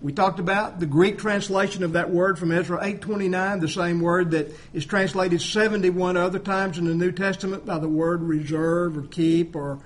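A man preaching a sermon, emphatic, swinging between loud appeals and quiet asides, asking rhetorical questions. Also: sits high, steady tone, moderate pace, hardly any pauses. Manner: emphatic, rising and dropping volume, rhetorical questions.

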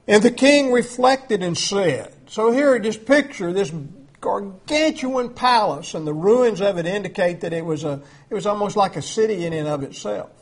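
A high-voiced man delivers a sermon in a conversational, emphatic way. He leans on filler words and restarts as he builds his points, and his pitch sits well above most men's. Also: lively intonation, normal speed. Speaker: preacher.

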